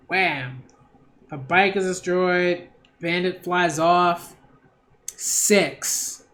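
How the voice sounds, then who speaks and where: A man reading a manga aloud and reacting to it in a casual, excitable way, full of slang like "yo" and "like". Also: high-pitched, drawn-out words. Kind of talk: casual read-along reaction.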